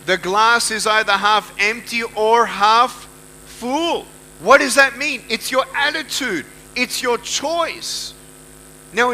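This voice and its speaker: Bright, high-voiced man giving a motivational speech. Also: slight background noise, low-quality recording. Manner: emphatic, repeats phrases, questions the audience. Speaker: motivational speaker. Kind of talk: motivational speech to a live audience.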